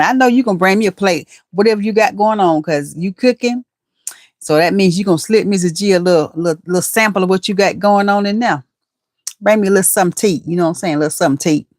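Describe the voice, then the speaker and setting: A woman's voice: fairly low pitch, no room sound, studio quality. A middle-aged woman hosting a casual livestream from her home computer, chatting in a folksy way and greeting viewers by name. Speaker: livestream host.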